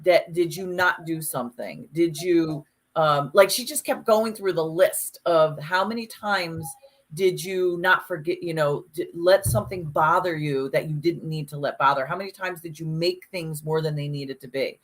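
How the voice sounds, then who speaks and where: A woman with a fairly low voice talks in a loose, casual podcast chat. She is animated and emphatic, and she swears freely as she works through her thoughts. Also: moderate pace. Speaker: podcast co-host.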